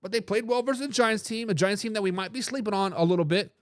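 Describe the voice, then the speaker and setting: This sports talk show host runs a live stream, arguing his picks with lots of energy and reading out viewer comments. His high-pitched voice moves at a quick pace, animated and full of hype phrases and frequent restarts. The recording is dry, with clean studio sound.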